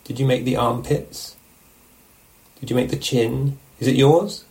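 A man teaching meditation, giving a relaxed, musing dharma talk at a retreat and often checking in with his listeners. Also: mid-range voice, unhurried, gravelly, rough recording. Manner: reflective, musing, asks questions of the listeners. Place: meditation hall.

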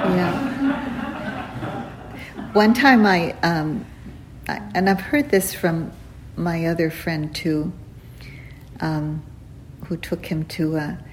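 A woman meditation teacher giving a dharma talk in a gentle, unhurried way, with pauses and fillers and soft laughs at her own stories. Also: lowish voice, slight background noise, rough recording. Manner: laughs softly while telling stories. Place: retreat center hall.

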